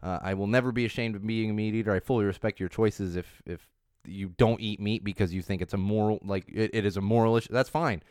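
A man's voice: fairly low pitch, fairly even intonation, fast, a little mellow, no echo, clean studio sound. A man in his thirties chatting casually about trending topics as a host, rambling and often restarting his sentences. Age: 30s. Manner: chatty, rambling, self-correcting with frequent restarts. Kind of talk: casual chat on social trends.

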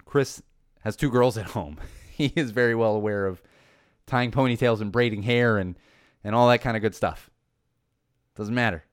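Casual male host, 30s, lively storyteller with emphatic swings, dry close mic. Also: medium pitch, dry recording. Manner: animated storytelling, rising to passionate emphasis. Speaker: podcast host. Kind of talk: casual chat.

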